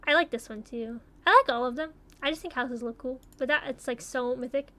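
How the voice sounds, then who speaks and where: Chatty, high-voiced young woman. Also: a little fast, bright, forceful tone. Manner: chatty, swears casually, muses aloud. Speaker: YouTuber taking online quizzes. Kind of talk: casual commentary while playing.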